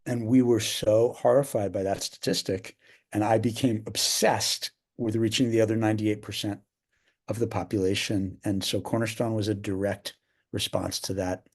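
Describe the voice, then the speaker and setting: An older man speaks in a low register, unhurried and reflective. He restarts his phrases often and carries a slight cough from a tickle in his throat. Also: little pitch movement. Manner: reflective, with frequent restarts and fillers. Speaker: theater director, guest. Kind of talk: podcast interview.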